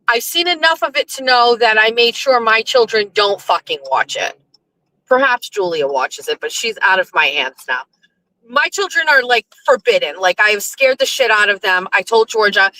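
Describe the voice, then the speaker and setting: A middle-aged woman hosting a casual live stream, rambling, profane and animated, talking from her car in a driveway. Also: mid-range voice, low-quality recording.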